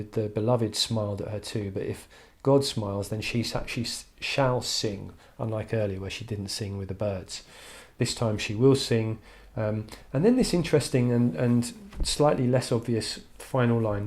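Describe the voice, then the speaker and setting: In an online English literature lesson, a man speaks with a fairly low, slightly mellow voice at a measured pace with few pauses. His manner is thoughtful, punctuated by frequent "um"s and restarts.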